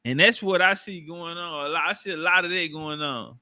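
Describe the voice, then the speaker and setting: A man's voice: a little high, fairly quick, hardly any pauses, pushed and bright, no room sound, studio quality. A man in casual, profane commentary, talking loosely with street slang and frequent laughs into his own microphone.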